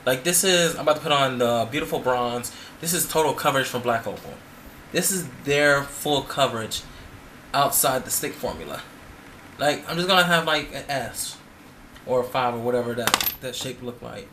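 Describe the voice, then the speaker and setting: A man's voice: medium pitch, expressive, moderate pace, bright, forceful tone, slight background noise. A man who performs in drag, talking through a makeup tutorial in a chatty, playful way with sassy asides.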